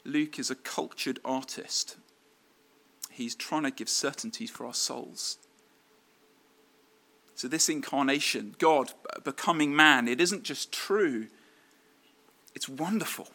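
A man's voice: mid-range voice, sharp tone. A man preaching a sermon in a conversational way, with fillers and restarts.

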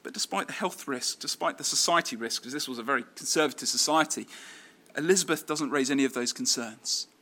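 A man's voice: mid-range voice, a little fast, bright, forceful tone. A man preaching a sermon in a conversational way, with fillers and restarts.

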